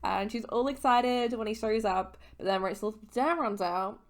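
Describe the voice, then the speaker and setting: A woman's voice: fairly high pitch, moderate pace. A young woman in her twenties, a little tipsy, giving a casual, rambling book recap as a vlogger, swearing and correcting her own slips.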